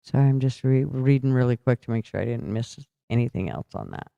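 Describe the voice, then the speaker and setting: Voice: medium pitch, animated, brisk, creaky, dark tone, no echo, highs cut off. A livestream host in casual political chat, tired and yawning, talking loosely and answering viewer comments aloud.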